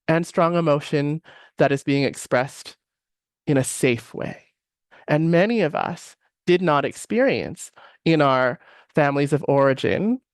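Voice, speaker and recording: A man's voice: a little high, no room sound, studio quality. Reflective man teaching a workshop. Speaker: workshop presenter. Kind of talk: live online teaching session.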